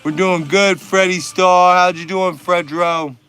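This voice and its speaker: Guy in his 40s on a stream, cussing and chilling with chat, slow easygoing talk, kinda high voice. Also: fairly even intonation, fairly bright tone, smooth, faint music behind. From Texas. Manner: laid-back, profane, bantering slang. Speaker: livestream host. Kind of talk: casual livestream chat reading viewer comments.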